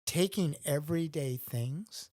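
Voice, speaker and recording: A man's voice: on the high side, measured pace, darkish tone, dry recording, studio quality. A middle-aged man, a guest in a casual conversation, telling earnest stories and acting out his own thoughts.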